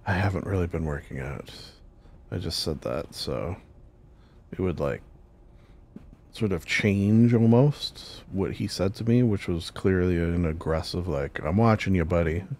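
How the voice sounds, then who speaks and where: A man's voice: sits low, expressive, a little slow, darkish tone. A man giving casual, joking gameplay commentary, rambling and talking back to the game characters. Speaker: game streamer.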